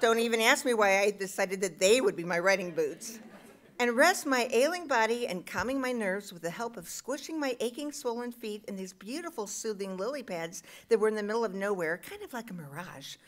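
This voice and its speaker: Animated woman reading a comic story. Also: mid-range voice, fairly quick. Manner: self-mocking, punchy comic timing. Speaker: storyteller reading at a live show. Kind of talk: comic personal essay read aloud.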